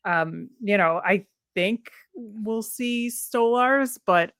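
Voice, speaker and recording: A woman co-hosting a podcast in casual sports chat, chatty and analytical and quick to laugh. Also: medium pitch, a bit bright, clear, resonant tone, dry recording, clean studio sound. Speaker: podcast co-host.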